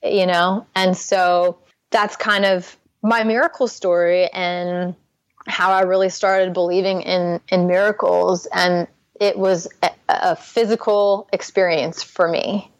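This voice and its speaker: A woman's voice: lowish voice, little pitch movement, takes it slowly, no room sound. A young adult woman, a Christian life coach, earnestly telling her personal recovery story as a podcast guest, full of "like" fillers.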